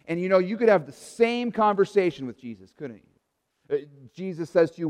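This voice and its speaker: A man's voice: sits high, a little fast, a little mellow. A man preaching a sermon as pastor, earnest and building emphasis through repetition. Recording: reverberant hall.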